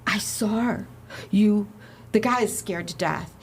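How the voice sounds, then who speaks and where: A woman casually telling a ghost story on a podcast, animated and laughing, acting out the quotes. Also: mid-range voice, a little slow, a little hiss or hum. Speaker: guest, haunted inn representative.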